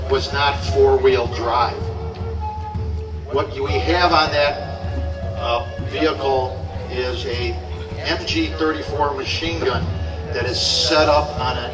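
A man's voice: mid-range voice, distant mic, low-quality recording. A man, a re-enactor, explaining old equipment to visitors at an outdoor event. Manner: informative, explains gear to visitors. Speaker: living history re-enactor. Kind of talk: explanatory talk to a crowd.

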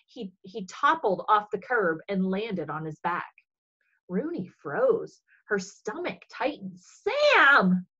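Woman storyteller for kids' faith class, expressive, breathy, slightly dull sound. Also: medium pitch. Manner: expressive, animated reading. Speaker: religious education storyteller. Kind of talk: reading a children's story aloud.

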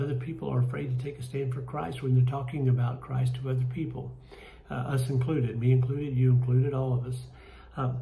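A man with a Kentucky accent leading a church Bible study, folksy and halting, with many fillers and restarts. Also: mid-range voice, vocal fry, dark tone, reverberant, slight background noise, poor audio. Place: church room.

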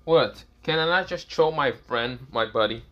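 A man's voice: mid-range voice, measured pace, fairly bright tone, lo-fi sound, close to an everyday voice. A man voicing a teenage boy who has turned cocky and loves to tease his dragon partner. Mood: teasing. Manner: smug, teasing.

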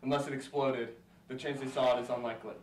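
A man's voice: mid-range voice, steady tone, fast talker, a little mellow, far from the mic, slight background noise, close to an everyday voice. A man playing a composed operator who keeps a hidden world under watch, recorded in an echoey room away from the mic. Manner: level, composed, businesslike. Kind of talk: amateur short film acting.

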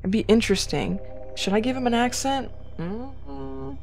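A woman's voice: on the high side, brisk, darkish tone, soft background music. A young woman giving chatty, playful commentary on a game she is playing, talking straight to her viewers. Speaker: let's play gamer. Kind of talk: casual gameplay commentary.

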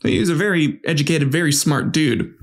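A man's voice: a little high, a little fast. Irreverent man joking through history. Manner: irreverent, joking, stumbles over words. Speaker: comedy history podcast host. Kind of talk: casual comedic history narration.

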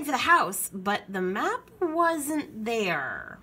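A woman reading a children's picture book aloud with expressive storytelling. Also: fairly high pitch, drawn-out words, a little hiss or hum.

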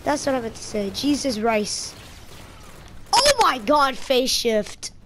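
A woman giving casual gameplay commentary, excitable and trash-talking, breaking into sudden yelps. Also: high-pitched, normal speed, very noisy. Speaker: gaming channel host.

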